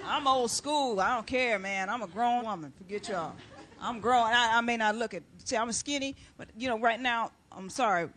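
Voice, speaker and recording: A middle-aged woman doing a loud, brash stand-up comedy routine, shouting out to a live audience. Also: fairly high pitch, moderate pace, a faint crowd. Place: stage before a live studio audience.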